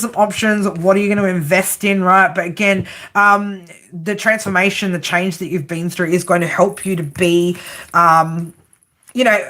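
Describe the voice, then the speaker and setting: A woman's voice: mid-range voice, a bit bright. A woman with an Australian accent giving a casual, chatty live tarot reading, laughing often and swearing freely. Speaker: tarot reader.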